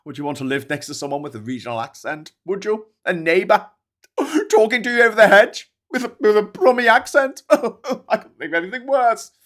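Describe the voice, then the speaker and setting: A man's voice: high-pitched, very animated, moderate pace, a bit bright, voice pushed up. A man putting on the voice of a snobbish upper-class man who sneers at working people, in a mocking, affected tone. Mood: sneering.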